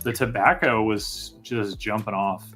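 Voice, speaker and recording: A man with a fairly low voice chats casually as a co-host, rambling eagerly with plenty of fillers. Quiet music sits in the background. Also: a little slow. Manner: enthusiastic, rambling, frequent fillers. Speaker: co-host of a fragrance live stream. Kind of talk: casual chat.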